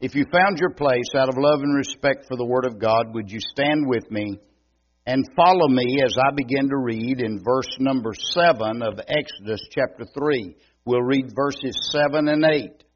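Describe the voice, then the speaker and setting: A man's voice: medium pitch, lo-fi sound, a little hiss or hum. An older man with an East Texas Southern accent, preaching a folksy, joking sermon as a visiting preacher. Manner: homey, joking, unhurried drawl. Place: church sanctuary.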